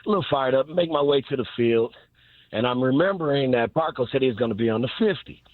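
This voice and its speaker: A man calling in to a sports radio show, telling an animated story full of laughs. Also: medium pitch, fast, dry recording. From Chicago South Side. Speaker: caller. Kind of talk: excited phone call. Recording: tinny phone line.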